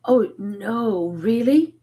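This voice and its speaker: A woman with an Irish accent chatting on a video call about a paranormal investigation, excitable and rambling, often restarting her sentences. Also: a little high, very slow, breathy edge. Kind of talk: casual chat on a video call.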